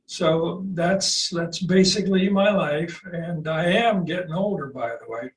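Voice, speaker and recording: A man in his eighties telling stories casually as a qigong teacher, rambling and halting, with restarts and chuckles, heard over a video call. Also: fairly high pitch. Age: 80s. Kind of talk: casual storytelling. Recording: roomy, distant video-call audio with faint noise.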